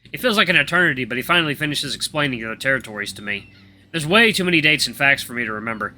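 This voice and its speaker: A man's voice: medium pitch, expressive, fast, bright, forceful tone, a little hiss or hum. A man hosting a gaming channel, reading a visual novel aloud with playful asides.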